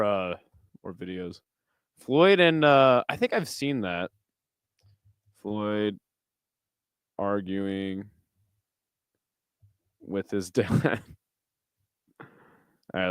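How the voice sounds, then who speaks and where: A man's voice: lowish voice, expressive, takes it slowly, pauses often, clean tone, dry recording. A young man streaming who chats with his viewers while watching videos, laughs often, swears freely and tells stories with animation.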